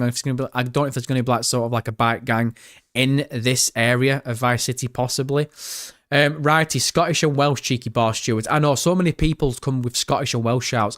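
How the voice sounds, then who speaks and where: A man's voice: mid-range voice, fairly bright tone, no room sound, clean studio sound. A man with a northern English accent, live-streaming reaction commentary in a chatty, joking way, reading viewer messages aloud. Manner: chatty, jokey, reads chat aloud.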